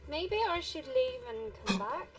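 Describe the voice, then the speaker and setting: A woman's voice: high-pitched, very animated, measured pace, creaky, recorded from a distance, over music. A woman co-hosting a game stream in casual chat over an online call, hesitant and giggly. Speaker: co-host streamer.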